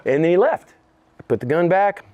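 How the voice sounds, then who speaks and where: A man in his fifties from the United States, a rapper guest telling a story in an interview, profane and animated, acting out quotes and laughing often. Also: high voice, a little fast, no room sound, muffled recording.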